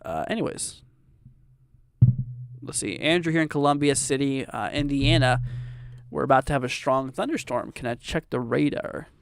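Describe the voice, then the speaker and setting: A man's voice: medium pitch, normal speed, long pauses, smooth. A young man hosting a casual live weather stream, rambling with lots of fillers and restarts while he reads viewer comments aloud. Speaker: weather livestream host.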